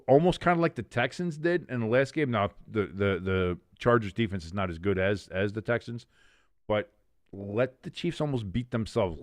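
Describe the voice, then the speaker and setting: A man hosts a casual sports picks show and talks in an animated, joking, chatty way. His voice sits at a medium pitch. The sound is dry and close, with no room echo.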